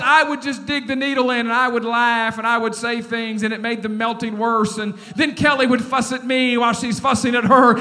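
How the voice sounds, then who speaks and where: A middle-aged male pastor preaching a sermon in a church, animated and calling on the congregation to respond. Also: very high-pitched. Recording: long hall reverb.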